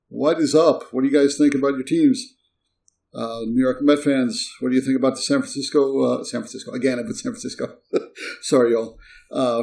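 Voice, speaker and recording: A middle-aged man with a gravelly, mid-pitched voice hosts a casual sports show. He rants bluntly and chattily, calling out to the fans with lots of fillers as he goes. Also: a little mellow. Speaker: sports podcast host.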